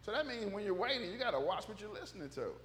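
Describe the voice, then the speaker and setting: Speaking quickly in a high, very animated voice, this man preaches a homespun, conversational sermon at church. He goes back and forth with the congregation, trading jokes and amens, and raises his voice whenever a story turns funny.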